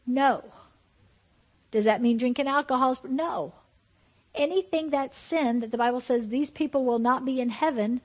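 Husky-voiced woman preaching animatedly. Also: high voice. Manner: animated, anecdotal, emphatic. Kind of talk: informal sermon.

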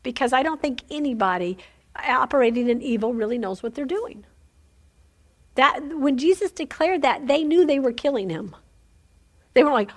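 Lady preacher with a high voice, chatty and laughing, keeps asking amen. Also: big pitch swings, moderate pace. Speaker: women's Bible study teacher. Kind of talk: informal sermon teaching.

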